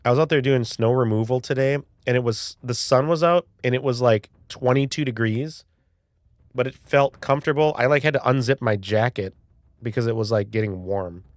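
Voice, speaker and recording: In a dry recording, a man in his early forties hosts a live stream, speaking at normal speed in a mid-range voice. His talk is chatty and meandering; he reads the chat out loud and now and then swears.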